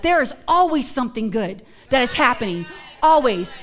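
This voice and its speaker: A woman pastor preaching a sermon in a casual, conversational way, building from hushed moments to emphatic shouts. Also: sits high, expressive, normal speed.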